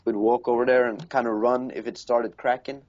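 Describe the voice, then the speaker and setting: A man chats casually, swearing freely and laughing through his own stories. His voice sits at an ordinary middle pitch. The recording is dull and lo-fi. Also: level tone, normal speed, a little mellow. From Norway. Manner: profane, laughing storyteller. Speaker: podcast co-host. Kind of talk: casual chat.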